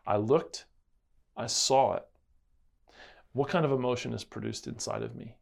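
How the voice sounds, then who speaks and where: A man's voice: mid-range voice, normal speed, gravelly. A man co-hosting a casual Bible-study chat, telling a story earnestly. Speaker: co-host.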